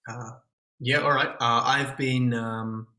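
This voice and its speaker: A man co-hosting a writers' podcast, talking in a relaxed, hesitant way with many ums. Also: medium pitch, slow, echoey room. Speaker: podcast co-host. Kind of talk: casual podcast chat.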